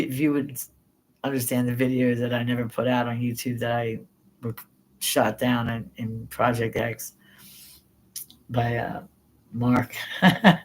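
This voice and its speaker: A middle-aged woman hosting a live stream, telling stories in a rambling, spontaneous way, excitable and quick to swear. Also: extremely low pitch. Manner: excitable, swears freely, jumps between thoughts. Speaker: paranormal livestream host.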